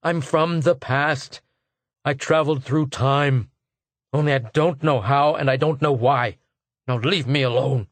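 Audiobook figure: a defiant tailor lost in time, bitter and raised up high and loud, as a male narrator puts him on. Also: fairly even intonation, unhurried, no echo, close to an everyday voice.

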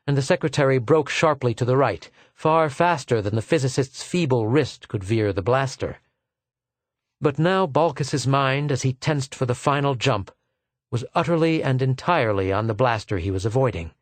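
A man reading a science fiction story aloud in a measured, dramatic way. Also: medium pitch, expressive, dry recording. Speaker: audiobook narrator. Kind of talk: scripted fiction narration.

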